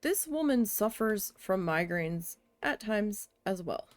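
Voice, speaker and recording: A woman streaming a building game, telling a story in a casual, venting way with a lot of swearing, and muttering quietly to herself while she builds. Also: medium pitch, animated, takes it slowly, dry recording. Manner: chatty venting with frequent swearing.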